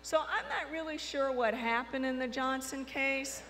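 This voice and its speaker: Woman, slow-paced storyteller, quotes the dialogue, faint mains hum behind. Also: sits high. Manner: lively, reenacts dialogue with frequent quotes. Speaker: storyteller recounting her career. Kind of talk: anecdotal storytelling to an audience. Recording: long reverb hall with faint mains hum.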